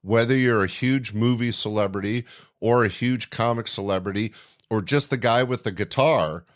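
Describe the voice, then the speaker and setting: A man hosting a podcast, reflecting on what the guest said in a measured, thinking-aloud way. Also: fairly low pitch. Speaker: podcast host. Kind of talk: conversational interview commentary.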